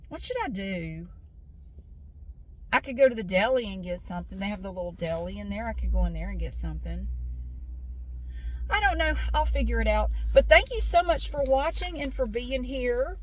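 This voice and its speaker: A woman's voice: a little high, a bit bright. A woman vlogger in casual chat, rambling and irritated, with fillers and restarts, talking from a parked car outside a store.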